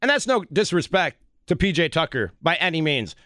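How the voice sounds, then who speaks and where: A man guest-hosting a sports talk radio show, loud and playful, talking fast and now and then singing his lines. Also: a little high, very animated, no echo. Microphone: studio microphone.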